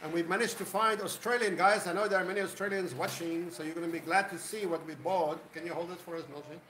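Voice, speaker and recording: A man's voice: high-pitched, steady tone, quick pace, pushed and bright, echoey room, a little hiss or hum, rough recording. A man hosting a casual live stream, rambling and greeting viewers by name. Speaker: livestream host.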